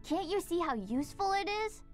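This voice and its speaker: A woman's voice: very high-pitched, expressive, brisk, soft background music. An eager sickly young boy. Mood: earnest. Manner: earnest, eagerly explaining. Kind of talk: game voice acting.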